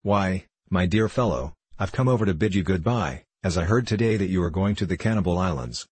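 A man's voice: sits low, expressive, a little fast, darkish tone, husky, no room sound. A man reading as a hearty tall-tale-telling fellow. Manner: hearty, exaggerating, theatrical warnings. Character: boisterous gossiping young English man, fond of tall tales.

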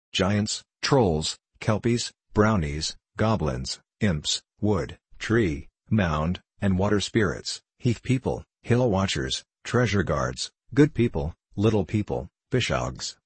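An ancient, kindly male sprite of the hills speaks in a storybook reading, a man putting him on. The voice sits very low and a touch husky, recorded close and dry, with a playful, sing-song lilt. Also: no room sound, heavily acted. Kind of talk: audiobook character reading.

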